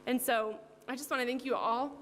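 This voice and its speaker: A young woman from New Jersey speaks an earnest, heartfelt church testimony in a fairly high voice, peppered with ums and likes. Her voice rings with long reverb through a church hall, over a faint hum. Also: steady tone, brisk, a bit bright. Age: young adult. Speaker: church member giving a testimony.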